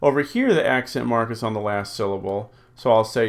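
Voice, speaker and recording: In a recorded classroom lecture, a man with a medium-pitched voice teaches Greek, slowly drilling word forms, reading rules aloud and thinking out loud with plenty of ums and uhs.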